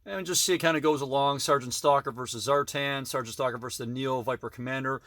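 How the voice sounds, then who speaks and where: A man's voice: medium pitch, fast talker, fairly bright tone, dry recording. A middle-aged man casually narrating a tour of his collection in a basement, with frequent fillers and self-corrections. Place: basement room.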